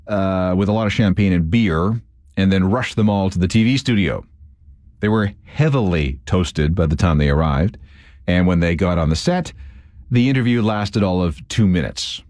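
A man's voice: fairly low pitch, darkish tone, dry recording, studio quality. A man narrating a scripted radio history segment, telling the story and acting out quotes. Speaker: radio host.

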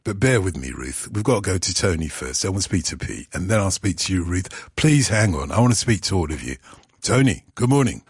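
A man's voice: low voice, sing-song, brisk, breathy edge, no room sound, clean studio sound. A man presenting a radio phone-in, explaining himself earnestly and chatting with callers. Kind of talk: casual radio phone-in chat. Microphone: studio microphone.

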